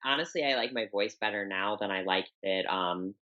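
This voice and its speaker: Young woman guest, unusually deep voice, forceful tone, candid and rambling, dull lo-fi audio. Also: moderate pace. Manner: open, candid, rambling with many fillers. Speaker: podcast guest, bodybuilder. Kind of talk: casual interview talk.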